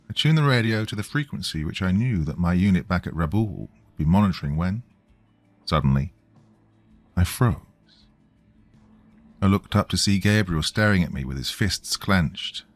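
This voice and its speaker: A man with a very low, deep voice narrates a horror story in a measured, grave way. Faint music plays underneath his reading.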